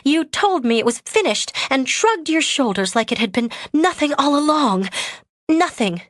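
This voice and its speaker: A woman's voice: high-pitched, big pitch swings, normal speed, a bit bright, no echo, clean studio sound, pitched above the performer's own voice. A woman voicing a hurt, defiant young woman in a romance audiobook, speaking in a raised, pained, accusing tone.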